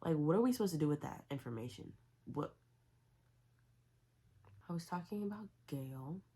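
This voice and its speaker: A woman's voice: deep voice, lively intonation, moderate pace, mellow. A young woman talking casually and opinionatedly about books she is reading, full of "like" and asides. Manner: chatty, opinionated, lots of "like". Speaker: book vlogger.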